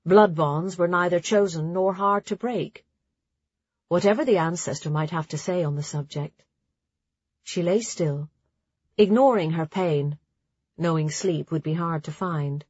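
A woman narrating a novel in a measured, even storytelling manner. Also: lowish voice, slightly rough, no echo. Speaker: audiobook narrator. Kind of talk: scripted audiobook narration. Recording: dry, slightly dull audio.

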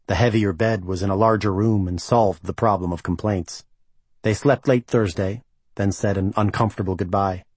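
A man narrates an audiobook in a low, husky voice. His reading is even and measured, and the recording is close and dry with no room sound. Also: no echo. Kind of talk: scripted narration.

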